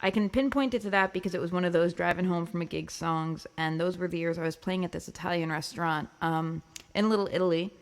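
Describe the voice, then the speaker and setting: A woman's voice: on the low side, fast talker. Chatty woman hosting a music livestream. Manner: chatty, laughs often, many ums and likes. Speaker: singer-songwriter livestream host. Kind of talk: casual chat with viewers.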